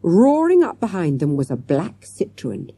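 Husky, dark-voiced woman reading a children's story. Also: on the low side, huge pitch swings, measured pace, no room sound. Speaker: audiobook reader. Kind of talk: scripted children's story narration.

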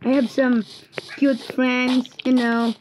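A woman giving playful live commentary while gaming, chatty and joking, who bursts into panicked shouting. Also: sits high, flat delivery, slow, a little hiss or hum, poor audio. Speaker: gamer.

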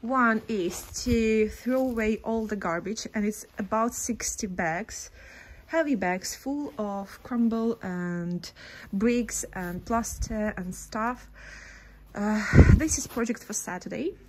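A woman's voice: medium pitch, slow, slight background noise. Nervous woman vlogging in an empty house. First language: Russian. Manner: breathless and jumpy, gasping and laughing nervously. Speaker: vlogger renovating an old house. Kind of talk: casual vlog chat. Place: inside an old empty house.

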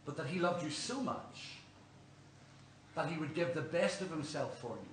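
A man's voice: fairly high pitch, lively intonation, normal speed. An Irish man preaching a sermon in a church, earnest and questioning, telling stories to the congregation. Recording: roomy church, distant mic, faint hum.

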